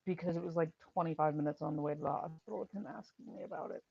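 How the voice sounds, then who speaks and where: A middle-aged woman, a former paramedic and firearms instructor, hosting a casual live stream, telling stories with animated repetition and answering chat. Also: low voice, very fast, gravelly, husky, dry recording, highs cut off. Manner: animated storytelling, repeats phrases, answers chat.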